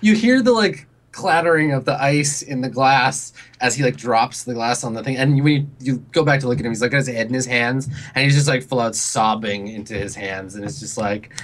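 Guy running a tabletop game, loose rambly narration, middle pitch. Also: a little fast, hardly any pauses, a bit bright. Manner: casual, rambling with many fillers. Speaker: game master.

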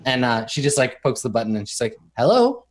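A man's voice: mid-range voice, steady tone, quick pace. A man narrating as game master in a tabletop game, loose and full of fillers.

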